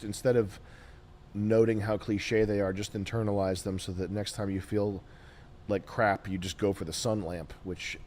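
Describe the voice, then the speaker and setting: A man hosting a show, giving blunt, rambling advice with halting fillers and swearing. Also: on the low side, darkish tone, slight background noise. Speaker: host. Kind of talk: casual advice talk.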